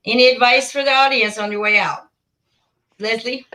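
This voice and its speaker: A bright, clear woman's voice sitting a little high. She hosts a relaxed livestream over a video call, gushing and laughing often. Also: normal speed, low-quality recording. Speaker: host. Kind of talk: casual livestream chat.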